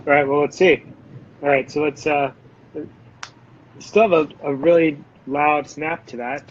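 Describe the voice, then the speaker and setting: A man's voice: on the high side, steady tone, a little slow. A man hosting a live chocolate tasting on a video call, greeting viewers and reading out their comments. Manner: reads out viewers' comments, friendly and encouraging. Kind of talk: casual live-stream chat. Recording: dull lo-fi live-stream audio.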